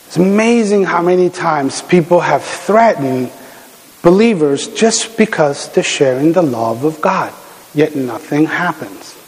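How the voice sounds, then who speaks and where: A middle-aged man preaching a sermon as a pastor, telling stories in an animated way, with frequent fillers and restarts. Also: fairly high pitch. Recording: long hall reverb.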